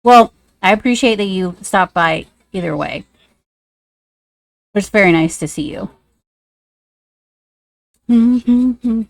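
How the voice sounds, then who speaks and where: A woman's voice: medium pitch, takes it slowly, long pauses. A woman streamer chatting casually and rambling, with many fillers, while she draws live. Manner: sing-song baby talk to a pet.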